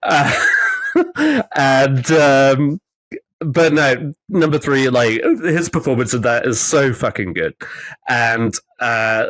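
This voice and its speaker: A man's voice: mid-range voice, expressive, slow pace, a bit bright, no echo, poor audio. A man co-hosting a podcast in casual chat, teasing his friends and laughing often. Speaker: podcast co-host.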